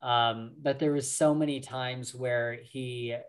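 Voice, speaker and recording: A man co-hosting a book podcast in a loose, casual chat. He speaks slowly and unhurriedly at a mid pitch, leaning on fillers and breaking into laughs often. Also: fairly even intonation, clean tone. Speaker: podcast co-host.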